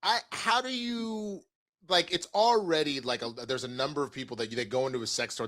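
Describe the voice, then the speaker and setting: A man co-hosting a podcast in loose, comedic conversation. He talks in an animated way and laughs often. His voice sits fairly high. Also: brisk. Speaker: podcast co-host. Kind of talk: casual comedic chat.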